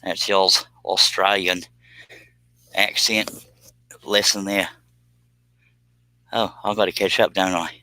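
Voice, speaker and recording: A man's voice: sits low, flat delivery, takes it slowly, pauses often, sharp tone, no room sound, low-quality recording. A man, casually chatting and joking with viewers on a live stream while doing scroll saw work in his workshop.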